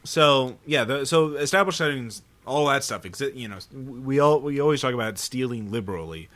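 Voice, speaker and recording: A man's voice: medium pitch, animated, normal speed, a bit bright. A man co-hosting a podcast, chatting casually and a bit pedantically about tabletop role-playing games. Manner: pedantic, chatty, laughs easily. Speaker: podcast co-host.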